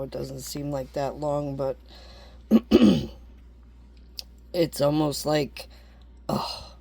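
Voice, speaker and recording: A woman's voice: extremely low pitch, a little mellow. A woman talking straight to camera in a rambling, blunt vlog, swearing freely and laughing often. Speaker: vlogger. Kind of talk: casual rambling monologue.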